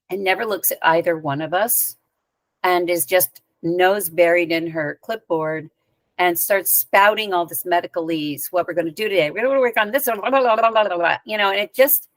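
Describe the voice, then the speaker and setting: A woman's voice: fairly low pitch, no echo. Woman telling a story, dry close sound. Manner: lively anecdotal telling with conversational asides. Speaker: spiritual teacher and guest. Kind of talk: storytelling in a podcast interview.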